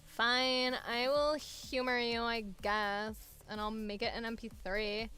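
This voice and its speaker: A woman's voice: on the high side, level tone, slow pace, bright, forceful tone, clean tone, faint music behind. A young woman voice actor chatting to herself casually while working, muttering at her computer and swearing now and then.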